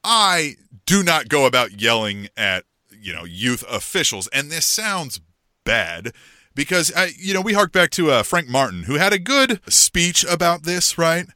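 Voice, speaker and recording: A middle-aged man co-hosting a podcast in casual chat, telling a story in an animated way and acting out what people said. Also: fairly high pitch, a little slow, dry recording, clean studio sound. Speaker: podcast co-host.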